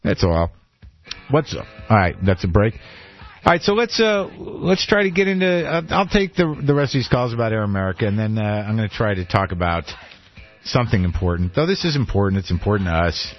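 A man's voice: fairly low pitch, big pitch swings, brisk, soft background music. A man hosting a call-in radio talk show, rambling and self-deprecating in a conversational way. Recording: dull lo-fi radio broadcast.

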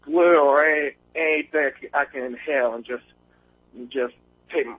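A man's voice: on the high side, normal speed, slight background noise. Nervous, rambling male caller on a phone line. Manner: rambling, many fillers and restarts. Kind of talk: nervous call-in chat. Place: outdoors on a windy day.

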